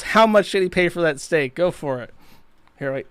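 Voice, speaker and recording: A man's voice: on the high side, lively intonation, normal speed, a bit bright, smooth, no room sound. A man hosting a live stream, ranting in a profane, mocking way. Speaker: streamer host.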